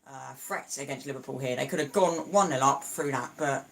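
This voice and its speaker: A man's voice: medium pitch, normal speed, vocal fry, fairly bright tone, a little hiss or hum. Chatty man commentating a football match live. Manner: chatty and opinionated, with frequent restarts and stumbles. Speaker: football watchalong streamer.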